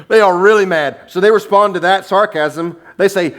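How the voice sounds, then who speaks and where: A man preaching a sermon as pastor, animated and humorous, acting out the people in his story. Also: sits high, measured pace. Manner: animated storytelling, acting out quotes with shifting voices; sarcastic, humorous asides.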